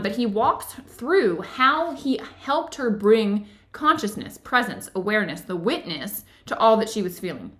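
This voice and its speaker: An earnest woman leads a casual book club talk. She speaks at a middle pitch and keeps turning to her listeners with questions, sounding like the yoga therapy teacher she is. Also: fairly bright tone. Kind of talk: casual book discussion with read-aloud passages.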